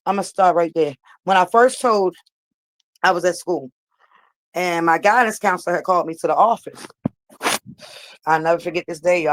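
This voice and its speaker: A woman's voice: lowish voice, dry recording, low-quality recording. A woman vlogger telling a personal story straight to her viewers, emphatic and repeating herself for weight.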